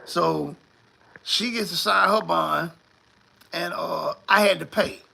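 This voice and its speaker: A man, telling a story in a casual, animated and profane way and acting out the other people in it. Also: a little high, slow pace, gravelly, slightly rough.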